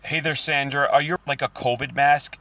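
A man making prank phone calls, delivering cheesy pick-up lines in a deadpan way. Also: a little high, moderate pace, lo-fi sound, slight background noise. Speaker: prank caller.

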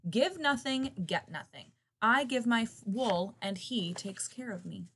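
A woman's voice: fairly high pitch, animated, a little slow, a little hiss or hum, pitched above the performer's own voice. A woman voicing a smug, preachy sheep in a storybook reading. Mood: scolding. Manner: loud, preachy.

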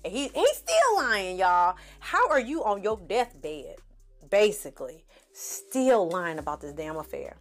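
A woman's voice: mid-range voice, very animated, unhurried. A woman with a mid-range voice recaps a TV drama in a sassy, chatty way. She slips into the characters' lines as she talks. Faint music plays underneath. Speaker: TV series reviewer. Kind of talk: casual recap commentary.

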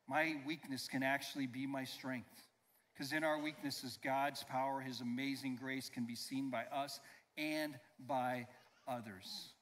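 A pastor preaching a sermon with emphasis. He slows down to stress key phrases and leads the congregation in call-and-response. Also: mid-range voice, steady tone, fairly bright tone. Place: church sanctuary. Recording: long reverb of a church hall.

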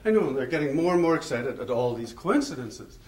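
A man's voice: mid-range voice, fairly quick. A man giving a public lecture, telling stories in a discursive, anecdotal way and chuckling at his own tales. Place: lecture hall. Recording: roomy hall, mic far off.

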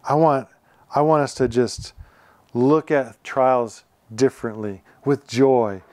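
A man of middle pitch delivers a conversational sermon as a pastor. His tone is earnest and chatty, and he keeps checking in with the congregation through rhetorical questions. His voice is dry and close, with almost no room sound. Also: slow pace, a little mellow, no room sound.

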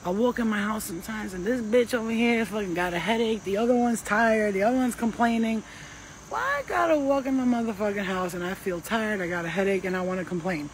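A woman gives spiritual advice in a casual, emphatic way, full of slang and swearing. Her voice sits at an ordinary middle pitch. A faint noise runs behind her. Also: a little fast, rough recording. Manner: emphatic, profane, slangy and animated. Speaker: spiritual healer.

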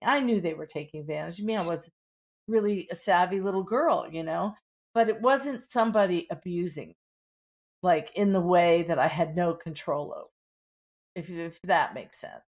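A woman's voice: on the low side, moderate pace, a little mellow. A middle-aged woman with a Pittsburgh accent, an author talking candidly in a podcast interview, full of "you know" fillers. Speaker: author guest.

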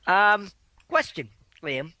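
A man co-hosts a casual podcast, recapping the news bluntly and swearing freely. He has a bright, tense, forceful tone that sits a little high for a man. The sound is dry and close, with no room echo. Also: sing-song, slow pace. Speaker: podcast co-host. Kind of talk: casual chat.

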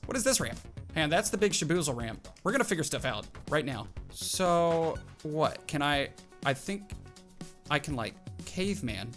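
A man hosting a gaming video, giving excitable live commentary full of exclamations as he plays. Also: a little high. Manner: excitable, exclaiming and self-hyping. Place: at a home computer desk.

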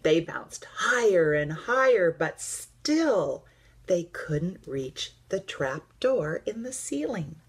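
A woman teacher reading a picture book aloud to children, gentle and expressive with hushed narration. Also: on the low side, slow, husky.

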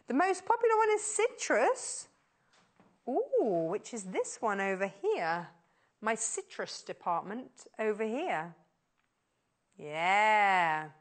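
A woman fronts a live shopping-channel segment from a TV studio. She talks in a gushing, enthusiastic way and keeps repeating her words of praise. Her pitch sits at a middling level for a woman. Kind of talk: live on-air sales pitch.

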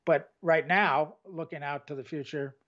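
A man's voice: fairly high pitch, measured pace, fairly bright tone, lo-fi sound. A man co-hosting a casual chat, plainspoken with a self-deprecating sense of humor. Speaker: co-host.

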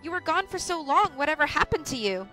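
An earnest, protective teenage girl, as a woman reader puts her on in a storybook reading. She speaks with a bright, forceful edge, pleading and firm in turn. Her voice sits a little high. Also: sing-song, quick pace, soft background music, full character voice. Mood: worried, insistent. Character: worried protective teenage girl, eldest sister.

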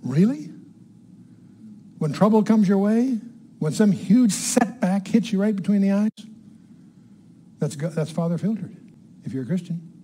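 A man's voice: high-pitched, lively intonation, measured pace, long pauses, dark tone, breathy edge. An older man giving a Bible teaching to a room, emphatic, repeating key words and putting questions to his listeners. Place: room with a live audience.

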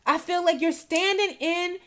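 High-voiced woman giving a motivational tarot reading. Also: unhurried, a bit bright. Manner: emphatic, motivational, calls listeners honey and baby. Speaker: tarot card reader.

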